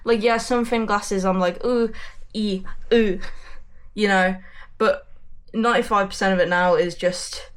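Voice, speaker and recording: A woman's voice: mid-range voice, fairly even intonation, normal speed, clean tone. Rambling, foul-mouthed woman vlogging from her messy room. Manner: blunt, rambling, swears freely. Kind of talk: casual vlog chat. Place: messy bedroom indoors.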